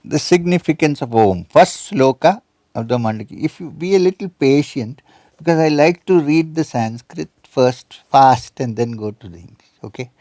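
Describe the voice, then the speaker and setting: A man's voice: medium pitch, animated, moderate pace, darkish tone, dry recording. Older male lecturer, seventies, quotes verses, questions listeners, dead-dry sound. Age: 70s. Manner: quotes scripture and Sanskrit, asks the audience questions. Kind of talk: spiritual lecture.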